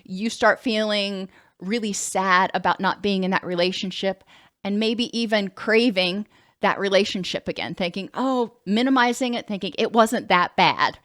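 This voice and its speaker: A woman counselor speaks in a relaxed, conversational lecture style. Her voice sits at an ordinary middle pitch. Now and then she breaks off to correct herself. The recording is close and dry, with no room echo. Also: normal speed. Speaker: licensed counselor.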